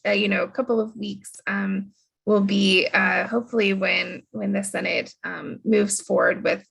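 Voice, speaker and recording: A woman's voice: medium pitch, vocal fry, a bit bright, breathy edge. A woman moderating an online panel webinar, speaking hesitantly with many fillers over a video call.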